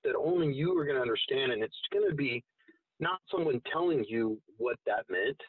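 A man's voice: medium pitch, animated, brisk, slightly rough, no room sound, recorded from a distance. A man telling a long personal story in a casual, rambling way with frequent swearing. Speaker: guest. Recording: tinny phone-like sound from off-mic.

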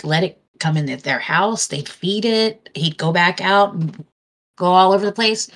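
A woman's voice: lowish voice, a bit bright. A woman in casual conversation, telling a rambling story and acting out the dialogue of the people in it. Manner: rambling storyteller who acts out quoted dialogue.

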